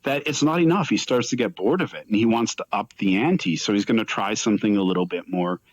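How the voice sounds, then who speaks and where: Male lecturer, low voice, dry sound, lively storytelling that acts out quotes. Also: a little fast, dry recording, muffled recording. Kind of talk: live lecture. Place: virtual reality event.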